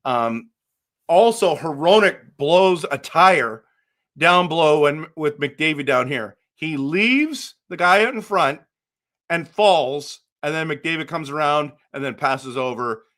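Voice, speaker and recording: A man with a high, forceful voice hosts a hockey post-game show and talks casually over game replays. He rambles and gets excited, often restarting his sentences. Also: takes it slowly.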